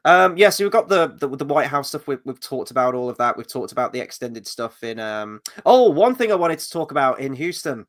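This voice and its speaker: A man hosting a casual film review discussion, chatty and animated as he tells stories. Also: mid-range voice, fairly quick, few pauses.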